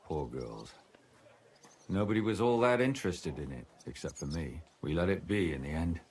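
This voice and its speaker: A man's voice: sits low, animated, normal speed, darkish tone, slight background noise. An actor playing a weary, bitter former scribe who calls himself a madman, in game voice acting. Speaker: video game character.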